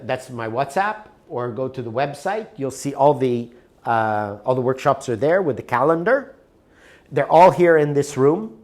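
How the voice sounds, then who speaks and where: A man's voice: mid-range voice, a little mellow. A man presenting a workshop in a room, talking conversationally and checking in with his listeners. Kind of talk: live workshop talk with an anecdote.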